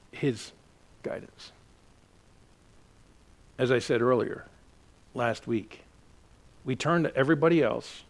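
A man preaching a sermon, swinging from hushed asides to loud, impassioned exhortation and talking directly to his congregation. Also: on the high side. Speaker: pastor.

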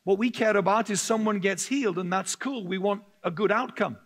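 A male pastor preaching a sermon, telling stories with humor, laughing often and getting very animated. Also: sits high, brisk.

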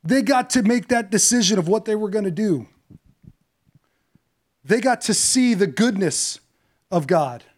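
High-voiced male preacher, hushed to impassioned. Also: expressive, unhurried, pauses often. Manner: storytelling, swings from hushed to impassioned. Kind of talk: sermon.

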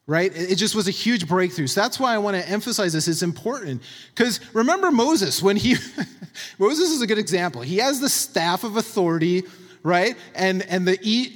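Male pastor with a high, lively voice, conversational and emphatic, reverberant hall. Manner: emphatic, conversational, tags points with "right?". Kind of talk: sermon.

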